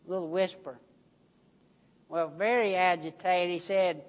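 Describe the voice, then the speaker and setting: A preacher delivering a sermon, telling a story slowly with emphatic stresses, in a church hall. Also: mid-range voice. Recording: dull recording, long hall reverb.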